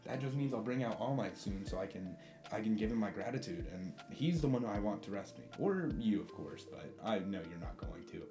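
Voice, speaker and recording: A man's voice: fairly low pitch, lively intonation, fairly quick, natural voice. A man voicing a casual, cocky male villain swordsman with easygoing, slangy boasting. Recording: roomy sound with faint guitar.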